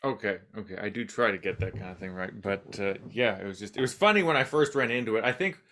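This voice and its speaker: Male podcast host, lowish voice, thinks aloud, wanders then wraps up with a shrug. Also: fast, a bit bright. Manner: musing, self-deprecating, trails off with "but anyway". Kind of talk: casual interview chat.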